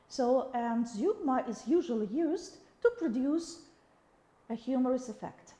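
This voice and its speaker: A woman's voice: on the high side, expressive, a little slow, mellow, roomy sound. A woman with a Russian accent giving a recorded video lecture, reading examples aloud with the odd restart.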